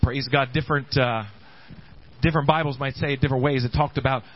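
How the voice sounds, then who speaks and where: A man's voice: mid-range voice, fairly even intonation, fast talker. A man preaching a fervent sermon at a church service, often saying amen and calling on the congregation to answer back. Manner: fervent, repeats amen and calls for responses. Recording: dull lo-fi recording.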